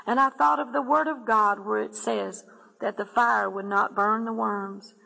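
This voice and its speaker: Gravelly woman reading a testimony. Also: on the high side, fairly even intonation, a little slow, sharp tone, big-room sound, rough recording. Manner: earnest, addresses listeners as "my friend". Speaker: narrator of a religious testimony.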